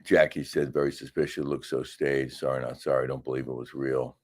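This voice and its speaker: Very deep-voiced and brisk, a middle-aged man co-hosts a live daily show from a hotel room. He reads viewer comments and chats casually, but argues his points in animated, emphatic bursts.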